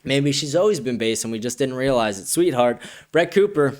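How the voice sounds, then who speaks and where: A man's voice: mid-range voice, expressive, moderate pace. A man hosting a livestream, reading viewer comments and answering them in a blunt, profane, offhand way. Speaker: show host.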